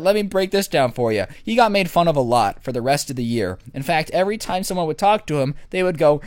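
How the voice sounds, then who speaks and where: Young man vlogger, sarcastic and crude, slightly high voice, dry sound. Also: dry recording. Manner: sarcastic, crude deadpan asides. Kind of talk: comic storytime.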